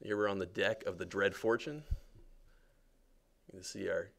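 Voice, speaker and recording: A man with a deep, gravelly voice gives a casual livestream tour of a game. He talks in a relaxed, joking way, full of fillers and asides to his viewers. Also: normal speed. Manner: relaxed, chatty, lots of fillers and jokes.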